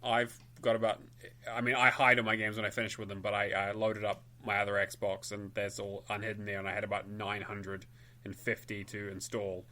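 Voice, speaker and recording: A man's voice: lowish voice, level tone, a little fast, pushed and bright. A man co-hosting a gaming podcast, talking in a casual, rambling way with frequent restarts. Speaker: podcast co-host. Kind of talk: casual chat.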